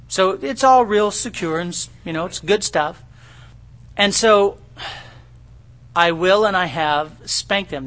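A middle-aged man delivers a sermon as if chatting with his congregation. His voice sits high and rings bright. He keeps checking in with his listeners in a homespun, folksy manner. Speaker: pastor. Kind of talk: conversational sermon.

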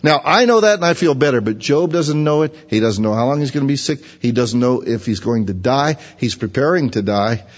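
Husky guy preaching, folksy and chatty, dull lo-fi sound with long church echo. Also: medium pitch, lively intonation, fairly quick, few pauses. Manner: folksy, conversational Bible teaching. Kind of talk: sermon. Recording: lo-fi recording with long hall reverb.

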